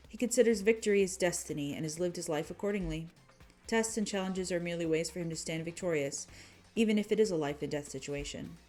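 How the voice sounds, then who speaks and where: A woman voicing a calm, formal young woman who speaks smoothly and politely. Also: lowish voice, fast talker, soft background music, lightly acted.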